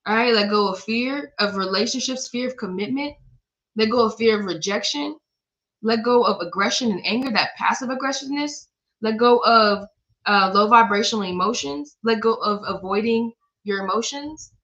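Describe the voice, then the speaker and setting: A woman's voice: on the high side, moderate pace, a bit bright, muffled recording. Blunt, swearing woman giving a card reading. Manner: blunt and profane, swears often, laughs at herself. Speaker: tarot reader. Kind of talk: casual spiritual card reading.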